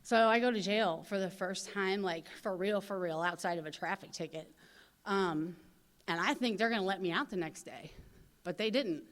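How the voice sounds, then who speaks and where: A woman's voice: medium pitch, moderate pace. A woman in her thirties from St. Louis, speaking at a recovery convention and telling her story candidly, with lots of fillers and quoted voices. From St. Louis, USA. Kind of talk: personal recovery story told to an audience.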